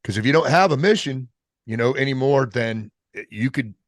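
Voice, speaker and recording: A middle-aged man, a military veteran guest on a podcast, telling a personal story in a casual, profane way, halting and restarting as he goes. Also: medium pitch, dry recording, clean studio sound. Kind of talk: candid storytelling in an interview.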